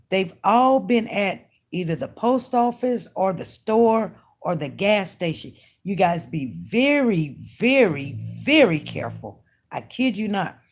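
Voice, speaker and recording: Slow-talking woman telling a story. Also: medium pitch, a little mellow. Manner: chatty, emphatic, talks straight to her audience. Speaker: online news commentator. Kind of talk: casual storytelling to viewers.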